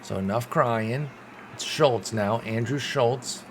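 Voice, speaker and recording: A young man commentating his own baseball sim game like a play-by-play announcer, swinging between sulky frustration and loud excited outbursts, with some swearing. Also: medium pitch, takes it slowly, background noise. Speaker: gaming streamer.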